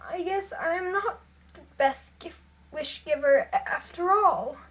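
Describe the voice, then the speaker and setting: A woman's voice: high-pitched, big pitch swings, moderate pace, a bit bright. A woman reading aloud, voicing a small male elf who boasts and then pleads. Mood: pleading. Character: eager little magical male elf.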